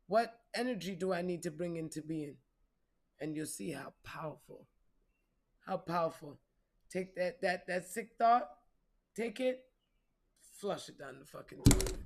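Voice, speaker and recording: A woman's voice: lowish voice, a little mellow. A woman giving a casual spiritual reading, profane, playful and preachy. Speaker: spiritual reader.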